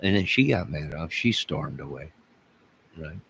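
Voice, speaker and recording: A man's voice: extremely low pitch, lively intonation, unhurried, gravelly, a bit bright, slight background noise, rough recording. A man hosting his own video channel, talking in a rambling, digressive way with frequent restarts. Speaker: YouTube channel host. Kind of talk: rambling solo vlog.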